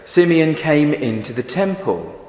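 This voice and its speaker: Slow, expressive male preacher in echoey church. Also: fairly high pitch. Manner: expressive, measured storytelling delivery. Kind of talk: sermon. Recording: echoey church with long reverb.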